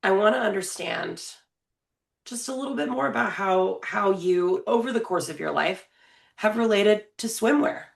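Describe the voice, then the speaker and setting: A woman's voice: medium pitch, normal speed, creaky. A woman in her thirties co-hosting a podcast, chatting casually and playfully, laughing often. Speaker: podcast co-host. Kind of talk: casual chat.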